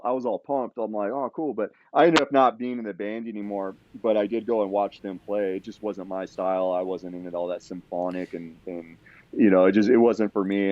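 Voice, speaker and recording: A man's voice: fairly low pitch, a little mellow, no echo. A man telling a long story on a podcast in a casual, rambling way, swearing freely and full of fillers and restarts. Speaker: podcast guest. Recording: dull lo-fi sound.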